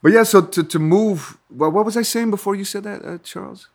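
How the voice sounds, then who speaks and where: A man's voice: sits high, fairly quick, gravelly. A man hosting a podcast, chatting casually with an old friend in a loose, rambling way. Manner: loose, rambling, stops and restarts. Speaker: podcast host. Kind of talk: casual chat.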